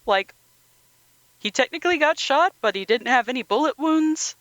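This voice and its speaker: Lively, bright-voiced podcast co-host. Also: sits high, moderate pace, dry recording, poor audio. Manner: animated, acts out scenes in voices. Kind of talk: casual chat.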